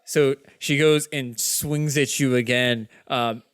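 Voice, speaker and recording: A man narrating as game master in a tabletop game, with loose, halting narration full of fillers. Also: mid-range voice, fairly even intonation, fairly bright tone, clean tone.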